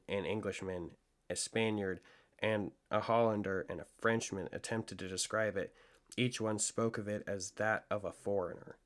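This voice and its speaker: A detached, methodical gentleman sleuth, as a man reads him lays out his reasoning in a calm, lecturing manner. The voice sits low and even, a storybook detective thinking aloud. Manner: measured, lecturing deductive reasoning. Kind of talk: audiobook reading of classic fiction.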